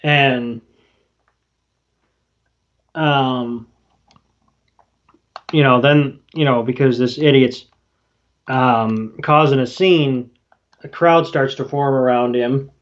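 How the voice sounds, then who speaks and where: A man's voice: mid-range voice, slow pace, pauses often. A man co-hosting a podcast, recapping an episode in loose casual chat and swearing now and then. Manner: loose and swearing, quoting characters in passing. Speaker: podcast co-host. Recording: dull lo-fi audio.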